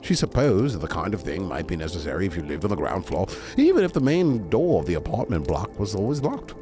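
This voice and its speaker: A man's voice: low voice, wildly swooping pitch, fast, over music. A man reading a bedtime story aloud to a stream, breaking off for chatty, digressing asides.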